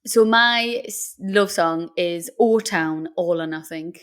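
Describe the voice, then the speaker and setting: A woman's voice: on the low side, slow, a bit bright. A woman guest in a casual podcast chat, giggly and self-mocking.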